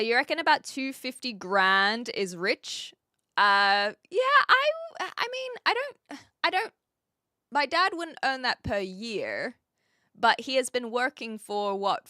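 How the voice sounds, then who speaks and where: Lively bright-voiced New woman. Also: medium pitch, clean tone, no room sound, studio quality. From New Zealand. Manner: chatty, lots of fillers and restarts. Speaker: streamer. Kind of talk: casual live-stream chat, reading and answering chat.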